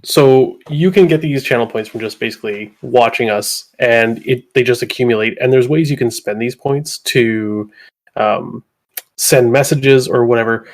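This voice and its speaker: A man co-hosting a tabletop gaming podcast, chatting in a loose, rambling way. His voice sits at an ordinary middle pitch. He laughs often and fills gaps with ums and uhs. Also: normal speed. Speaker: podcast co-host. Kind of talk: casual chat.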